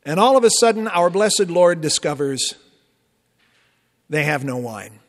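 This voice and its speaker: Lutheran pastor preaching in a reverberant church. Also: male voice, on the high side, a little slow. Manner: expressive preaching with emphatic rises and conversational asides. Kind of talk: sermon. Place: church sanctuary.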